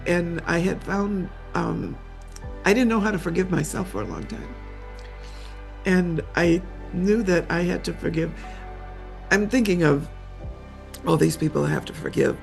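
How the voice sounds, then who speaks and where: Older woman guest with a gravelly, fry-heavy voice, halting and tearful, over faint music. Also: fairly low pitch, expressive, darkish tone. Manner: halting, repeats words, tearful retelling. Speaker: guest, memoir author. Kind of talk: emotional personal storytelling.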